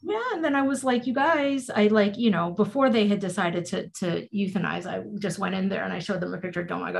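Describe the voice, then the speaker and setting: A woman's voice: mid-range voice, fairly quick, vocal fry, few pauses, slight background noise. A woman co-hosting a podcast in casual chat, who backs her partner with frequent "mm-hmm" and "right" and tells her own stories. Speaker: podcast co-host.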